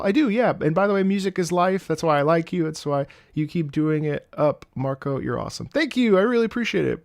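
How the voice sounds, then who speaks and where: A man streaming live, excitably reacting to music, reading chat and swearing often. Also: on the high side, quick pace, vocal fry, few pauses, dry recording, clean studio sound.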